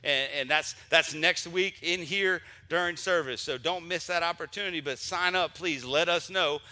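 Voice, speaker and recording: A man's voice: a little high, normal speed. A middle-aged man, a pastor, giving church announcements and praying aloud, emotional and stumbling through restarts. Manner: warm, emotional, repetitive restarts. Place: church sanctuary during service.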